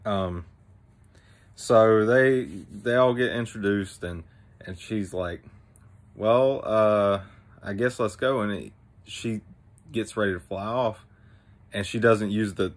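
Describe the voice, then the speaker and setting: A young man casually recapping an anime episode, rambling with many fillers and restarts. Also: sits low.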